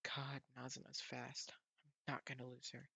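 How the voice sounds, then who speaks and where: A man's voice: medium pitch, monotone, moderate pace, vocal fry, pushed and bright, husky, no room sound. A man reading a manga aloud as an anxious teenage boy, hesitant and earnest, with stammers. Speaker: narrator and reader.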